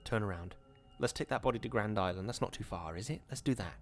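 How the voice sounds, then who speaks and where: A man's voice: on the low side, fast, a little hiss or hum, natural voice. A man voicing a frightened young wife who pleads in a tense, insistent way, her voice rising thinly.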